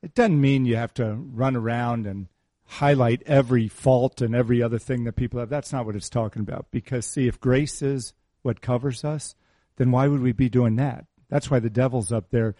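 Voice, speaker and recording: A man's voice: mid-range voice, fairly even intonation, normal speed, mellow, dry recording, clean studio sound. A man, a pastor, preaching an informal sermon in a conversational way, repeating key phrases for emphasis and slipping in teasing asides to people in the congregation.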